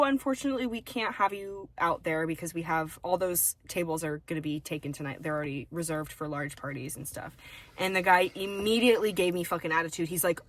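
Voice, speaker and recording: A woman's voice: fairly low pitch, a bit bright, no echo. A young woman co-hosting a podcast, telling a restaurant story in casual, profane chat. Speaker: podcast co-host.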